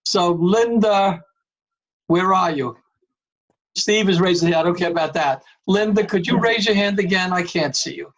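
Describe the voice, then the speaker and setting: A man's voice: sits high, a little fast, fairly bright tone, muffled recording. A man chairing an online board meeting over a video call, emphatic and calling on members by name.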